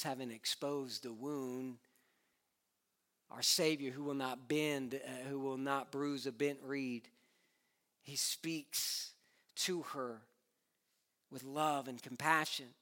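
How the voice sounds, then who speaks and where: A man preaches with fervor, his voice pitched a little high and ringing with a bright, forceful edge. He builds through repeated phrases toward climaxes, then drops to a hush. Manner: impassioned, swinging from loud declarations to hushed tones; uses repetition and builds to climaxes. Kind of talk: sermon.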